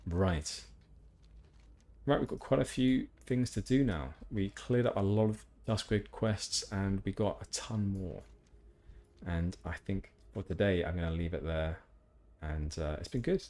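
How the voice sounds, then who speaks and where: A man's voice: low-pitched, unhurried, darkish tone. A man streaming a game, chatting casually with rambling, self-deprecating asides. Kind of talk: casual gameplay commentary.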